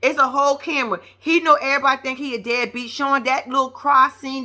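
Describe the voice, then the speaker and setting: Bright-voiced, blunt, profane woman vlogger. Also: high voice, fairly even intonation, quick pace. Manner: blunt, profane, talks straight at the characters. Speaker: reality TV reaction vlogger. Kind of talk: casual reaction commentary.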